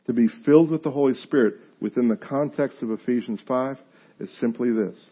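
A man preaching a conversational sermon as pastor, animated and joking, acting out what his listeners might say. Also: medium pitch, a little fast, slightly rough, dull audio. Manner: animated, acts out listeners' reactions, self-deprecating humor.

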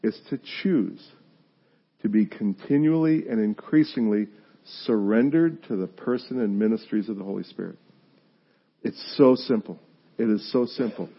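A man preaching a conversational sermon as pastor, animated and joking, acting out what his listeners might say. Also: fairly low pitch, normal speed, slightly rough, dull audio. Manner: animated, acts out listeners' reactions, self-deprecating humor.

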